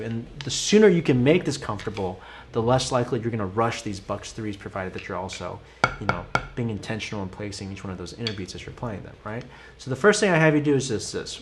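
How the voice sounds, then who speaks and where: A man teaches a drum lesson, counting the beats aloud and cheering the student on. His voice sits in a middle range. Loud noise runs under the whole recording, with drumming behind him. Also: medium pitch. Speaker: drum instructor.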